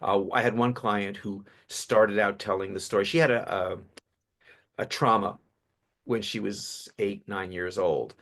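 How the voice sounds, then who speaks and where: Casual: guy public speaking coach on a podcast, lively stories, kinda low voice, trips over starts. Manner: animated storyteller, quick restarts. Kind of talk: podcast interview.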